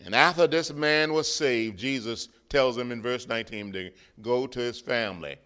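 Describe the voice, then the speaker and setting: A man in a church preaching a sermon, animated, rising to shouts and chuckling between points. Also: mid-range voice, moderate pace, smooth. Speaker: guest preacher.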